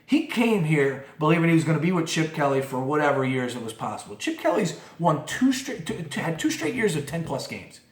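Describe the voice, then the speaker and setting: A man's voice: a little high, big pitch swings, brisk, hardly any pauses. A man hosting a casual podcast, giving his opinions in a fired-up monologue with lots of restarts and asides. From moved to Philadelphia as an adult. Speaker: podcast host. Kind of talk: casual sports talk monologue. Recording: roomy echo.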